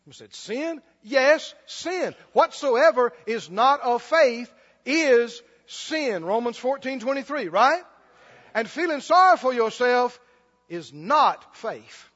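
A man with a very high voice preaches with insistent repetition and quick laughs. His sermon rings through a hall with a long reverb, and the recording sounds dull. He hammers each point home. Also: expressive, fairly bright tone. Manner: emphatic, repetitive, laughs often.

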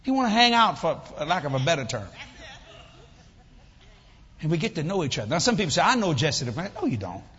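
A man's voice: fairly high pitch, fairly quick, pauses often, breathy edge, big-room sound, highs cut off. An older man preaching a sermon to a congregation, telling jokes and acting out voices in his stories. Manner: animated storytelling, acts out voices, jokes with congregation. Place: church hall with audience.

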